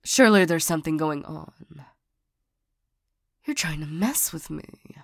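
A young woman playing the listener's hurt ex-lover turned bodyguard in an audio role-play. She talks haltingly, stammering and sighing often. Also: low-pitched, animated, gravelly, no echo, studio quality, heavily acted. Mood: indignant. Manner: halting, stammering, frequent sighs.

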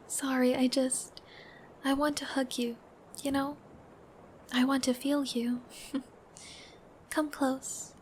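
Young woman voicing a shy, giggly girlfriend in a whispered role-play: high voice, very slow, babbling and soft. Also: flat delivery, slight background noise. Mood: shy, tender.

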